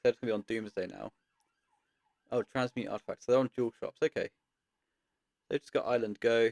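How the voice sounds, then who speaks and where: A man giving casual gameplay commentary, thinking aloud in a relaxed way with frequent pauses and ums. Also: medium pitch, gravelly, no room sound. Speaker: card game content creator.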